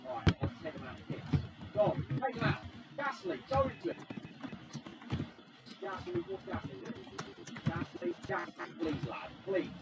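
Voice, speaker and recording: A man giving excitable live commentary over a racing game he is playing. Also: high voice, moderate pace, loud music behind the voice. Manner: excitable, exclaiming at the action. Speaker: gaming commentator. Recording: distant mic under loud game noise. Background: loud racing game engine sounds.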